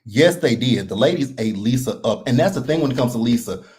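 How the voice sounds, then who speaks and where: A man's voice: mid-range voice, a little fast. A man hosting a live reality TV recap, talking casually and bluntly and laughing a lot. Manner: blunt, animated and laughing often.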